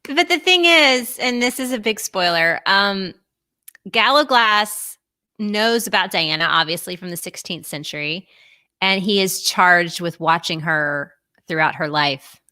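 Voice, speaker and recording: A woman's voice: mid-range voice, animated, a little slow, sharp tone, no echo, clean studio sound. A woman hosting a casual live-streamed chat, bubbly and chatty and laughing often, on a video call. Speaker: host.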